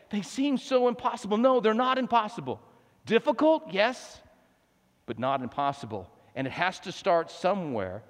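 Preacher man in a reverberant sanctuary. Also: mid-range voice. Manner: emphatic preaching, swinging from hushed to shouting. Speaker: pastor. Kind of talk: sermon. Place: church sanctuary. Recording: long hall reverb.

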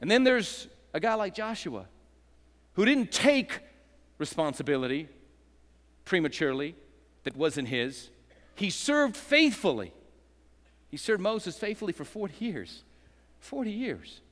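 Brief: a male pastor with a bright, forceful voice, preaching a rousing sermon with a long hall reverb. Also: high-pitched, very animated, measured pace, long pauses. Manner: dramatic, rousing, call-and-response with joking asides.

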